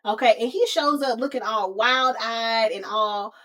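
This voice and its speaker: A woman hosting a podcast, recapping a movie in a casual, slangy, animated way, as if talking to a close friend. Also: on the high side, a little slow. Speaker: podcast host.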